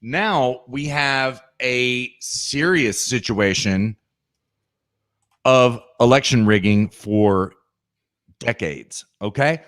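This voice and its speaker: A man co-hosting a podcast who talks slowly and with insistence. He keeps turning to address the listener directly and checks in again and again with "okay?". His voice sits at an ordinary pitch for a man. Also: a bit bright. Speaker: podcast co-host. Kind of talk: opinionated podcast talk.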